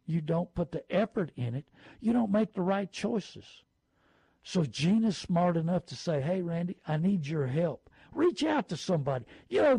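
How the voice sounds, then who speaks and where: A middle-aged man giving folksy car-buying advice, with lively storytelling. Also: high-pitched, vocal fry, breathy edge, dry recording, low-quality recording.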